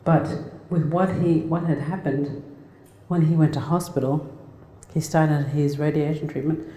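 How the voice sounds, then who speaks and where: A middle-aged woman from Australia giving a personal talk, telling a family story in a plain, halting, reflective way. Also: sits low, fairly even intonation, warm tone. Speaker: speaker. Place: lecture hall. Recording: echoey hall.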